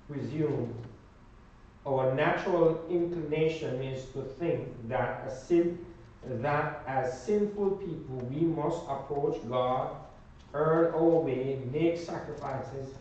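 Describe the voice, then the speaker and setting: A man leads a church Bible class with a slightly raised pitch, drawing out his words and pausing so the class can supply the answers. He is heard from well back in a strongly echoing room, and the sound is dull and muffled under a faint hum. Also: darkish tone. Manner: prompts the class to finish his sentences; slow, emphatic delivery. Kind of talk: Sunday class teaching. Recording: echoey room from far off, dull.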